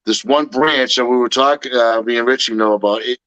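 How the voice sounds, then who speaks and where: Mid-pitched male co-host, casual and rambling, restarts often, dry close sound. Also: pushed and bright, no echo, poor audio. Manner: rambling, halting. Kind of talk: casual storytelling chat.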